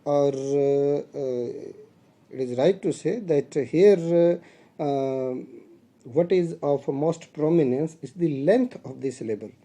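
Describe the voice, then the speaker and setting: A middle-aged man with an Indian English accent lectures to literature students in an unhurried, measured way, his voice very dark and mellow. He fills pauses with frequent hesitations, repeats key points and calls the class dear friends. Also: a little high. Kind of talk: recorded video lecture.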